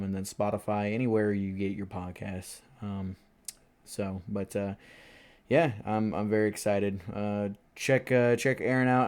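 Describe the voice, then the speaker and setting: Podcast host, male, low smooth voice, rambling casual delivery with many ums and self-amused laughs. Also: a little mellow. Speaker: podcast host and sim racing driver. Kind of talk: casual chat.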